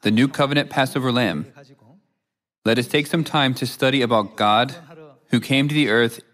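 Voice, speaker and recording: A man preaching in a measured, solemn read-aloud style, quoting scripture between his points. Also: mid-range voice, a bit bright. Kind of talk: scripted sermon narration.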